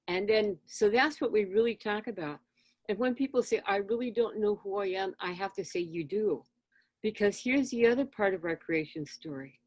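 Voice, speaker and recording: A woman guest in an interview, telling stories in a lively conversational way and acting out exchanges with children. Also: medium pitch, moderate pace, dry recording. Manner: animated, acts out dialogue with children. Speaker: interview guest, spiritual teacher. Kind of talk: conversational storytelling.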